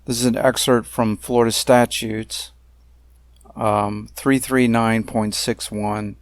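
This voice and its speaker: Deliberate low-voiced man narrating slides. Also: level tone, no room sound. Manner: deliberate and emphatic, with frequent pauses and fillers. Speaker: narrator of a self-made video complaint series.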